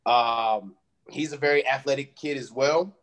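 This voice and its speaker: Man, pro wrestler guest, from Illinois, casual chat, even mid pitch. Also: measured pace.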